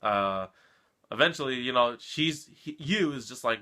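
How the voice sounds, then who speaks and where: A man's voice: mid-range voice, animated, measured pace, sharp tone. A man recapping an anime episode in a casual, rambling way, often tagging his sentences with a questioning "right?". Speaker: anime reaction vlogger.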